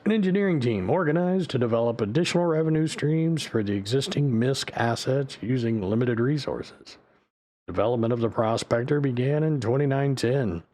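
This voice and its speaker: A man voicing a formal male newscaster who reads a ship guide in a measured announcer delivery. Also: medium pitch, darkish tone, lightly acted.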